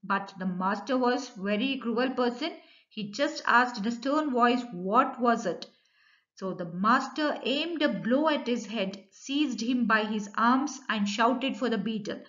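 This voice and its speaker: A woman's voice: on the high side, a little slow, a bit bright, dull audio. A woman teacher with an Indian English accent who reads a story aloud and then explains each line in simple words.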